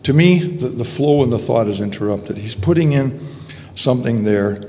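A man preaching a sermon in a meeting hall, speaking in a halting way with many fillers and restarts. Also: mid-range voice, lively intonation, dark tone. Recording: long echo in a hall, faint ambient noise.

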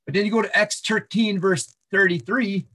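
Male preacher with a fairly high voice, teaching verse by verse, loose and halting. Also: steady tone, pushed and bright. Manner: walks through verses, repeats words and restarts, frequent fillers. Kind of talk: sermon-style Bible teaching.

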